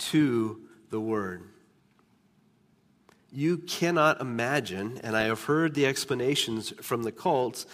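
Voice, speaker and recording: A man preaching a sermon as pastor, emphatic, slowing down and dropping to a hush on key words. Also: on the high side. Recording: long reverb of a large hall.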